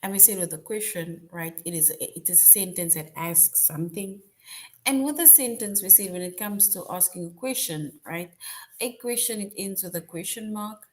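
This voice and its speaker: A woman's voice: lowish voice, moderate pace. A woman teaching a grammar lesson to young children, patient and repetitive, often checking in with "right?". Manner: patient, repeats points, frequent "right?" checks.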